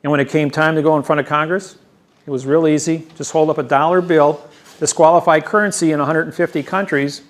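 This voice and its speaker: A man's voice: on the high side, fairly even intonation, a little fast. A man giving a rambling seminar lecture, boastful and emphatic, sure of his own expertise. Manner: boastful, emphatic, self-assured. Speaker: seminar presenter. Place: seminar room.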